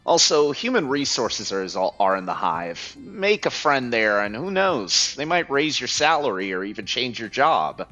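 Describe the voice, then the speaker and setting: A man's voice: mid-range voice, very animated, moderate pace, few pauses, bright, forceful tone. A man voicing a friendly, helpful male coworker with an easygoing, reassuring manner. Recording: slightly muffled, music faint.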